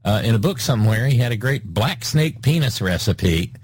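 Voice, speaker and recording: Rambling through listener messages and sardonic political takes, a talk show host keeps things casual, frequently restarting his sentences with fillers. His husky, darkish voice sits at medium pitch, animated and at normal speed. The recording is dry.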